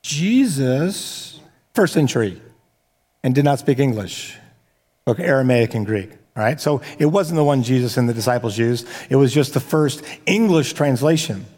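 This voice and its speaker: A man's voice: mid-range voice, normal speed, a little mellow. A man preaching a sermon as pastor, talking casually with joking asides and frequent restarts. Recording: long hall reverb.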